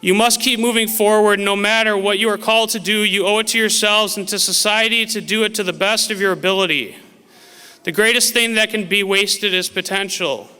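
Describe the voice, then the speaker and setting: A man's voice: high voice, fairly even intonation, brisk, sharp tone, smooth. A man, a teacher, giving an earnest, motivational graduation speech to a class of students. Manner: earnest, motivational, quotes famous sayings. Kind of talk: formal commencement speech. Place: large auditorium. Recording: echoey hall with long reverb.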